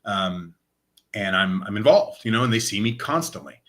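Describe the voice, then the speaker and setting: A man's voice: lowish voice, moderate pace. A man from Oregon, a guest in an interview, telling his story casually and acting out quoted dialogue. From Lane County, Oregon. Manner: animated retelling, acts out quoted dialogue. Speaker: interview guest, nonprofit director of operations.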